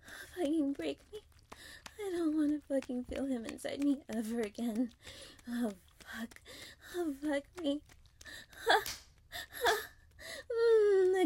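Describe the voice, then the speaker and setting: Young woman breathy whispered role-play, high voice, slow drawn-out delivery. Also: warm tone, slight background noise. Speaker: audio role-play performer.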